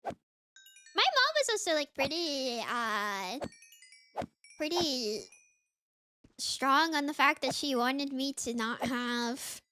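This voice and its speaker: This bright, high-voiced young Southern woman from Florida or Mississippi speaks slowly with big pitch swings and frequent pauses, over soft background music with no room sound. A VTuber with a light accent, she's sniffly and congested, rambling and saying "like" a lot in casual gaming chat.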